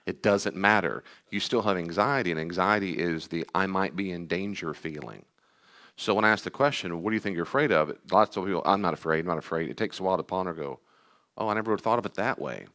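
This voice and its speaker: Man, very low voice, counselor teaching a room, emphatic, repeats himself, takes audience questions. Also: fast. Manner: animated, emphatic, repeats key phrases. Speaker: counselor teaching a class on anxiety. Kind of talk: live class talk with audience questions. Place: meeting room with live audience and online viewers.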